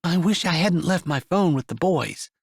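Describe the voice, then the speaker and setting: Guy doing a breathy whispery grown woman, voice pitched way up and lively, sounds a bit off from his usual tone. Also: moderate pace, no echo, clean studio sound, heavily acted. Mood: worried. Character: soft-spoken adult woman, a farm-country mother.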